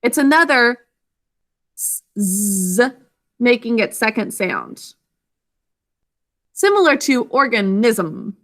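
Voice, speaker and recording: A woman teaching an online reading lesson over a video call, sounding out words slowly and clearly syllable by syllable. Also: on the high side, big pitch swings, a bit bright.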